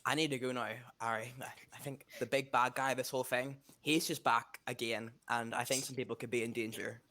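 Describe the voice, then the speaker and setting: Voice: mid-range voice, flat delivery, fairly quick, bright, forceful tone. A player in a tabletop role-play game, speaking expressively.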